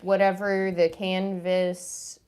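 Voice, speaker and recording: Slow, hushed woman co-host. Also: lowish voice, flat delivery, clean tone. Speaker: co-host, reads viewer comments. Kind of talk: casual chat.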